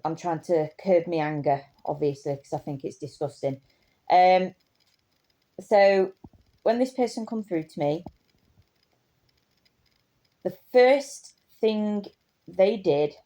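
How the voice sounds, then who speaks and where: A woman's voice: lowish voice, dark tone. A woman telling a story in a casual, impassioned way, indignant and rambling with restarts.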